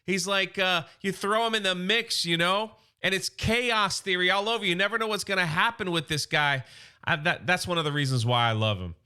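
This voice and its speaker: Man recapping comics, high voice, very bright and tense, faint music underneath. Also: clear, resonant tone. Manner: excitable, loose storytelling with quick asides. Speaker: comic book recap host.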